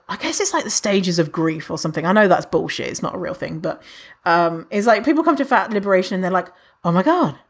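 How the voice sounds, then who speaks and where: A woman hosting a solo podcast, chatty and animated, who swears freely and acts out what people say in a higher voice. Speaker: podcast host. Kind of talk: casual solo podcast monologue.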